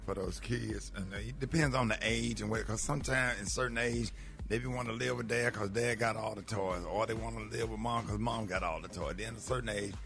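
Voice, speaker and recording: A man co-hosting a radio show, relaxed and reasoning aloud in casual chat. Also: fairly low pitch, brisk, vocal fry, soft background music.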